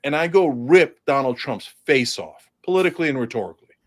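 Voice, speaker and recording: A man's voice: mid-range voice, animated, a little fast. A man who is a political candidate, making his case in an interview in a sarcastic, combative way. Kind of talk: impassioned political interview talk.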